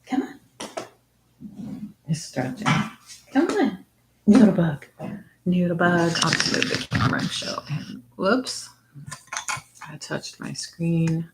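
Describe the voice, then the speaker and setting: A woman's voice: animated, slow, pauses often, very noisy. A woman hosting a casual crafting livestream from home, chatting with viewers and talking to her dog in baby talk now and then. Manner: slips into high baby talk with her dog, drops to soft whispers.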